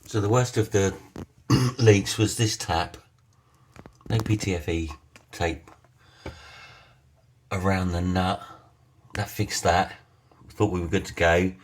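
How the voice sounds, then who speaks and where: A man's voice: low-pitched, steady tone, slow pace, long pauses. A man vlogging a home plumbing repair, chatty and self-mocking with a playfully melodramatic streak. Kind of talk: casual DIY vlog talk.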